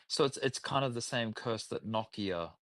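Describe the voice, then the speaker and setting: A man chatting casually as a co-host, rambling with lots of "like" and quick agreement. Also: fairly low pitch, expressive, fairly bright tone, no room sound. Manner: rambling, filler-heavy, agreeable. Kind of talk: casual chat.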